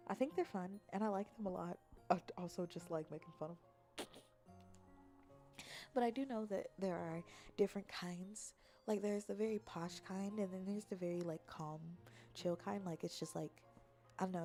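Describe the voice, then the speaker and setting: A woman's voice: mid-range voice, moderate pace, long pauses, dark tone. A woman streamer in casual, rambling chat, teasing and joking as she reads comments aloud. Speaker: VTuber streamer. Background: faint background music.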